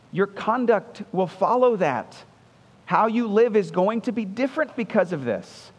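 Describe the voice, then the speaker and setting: High-voiced man preaching in a hall. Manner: conversational, earnest preaching with repeated phrases. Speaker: pastor. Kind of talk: sermon.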